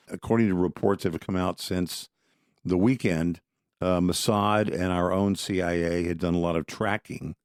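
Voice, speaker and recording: A man with a deep, low, slightly mellow voice co-hosts a podcast, chatting about politics in a conversational, opinionated manner and often restarting phrases. The audio is dry and close with no echo.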